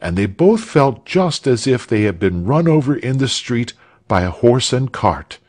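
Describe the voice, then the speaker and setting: A man reading a story aloud for English learners in a measured, expressive way. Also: mid-range voice. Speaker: narrator.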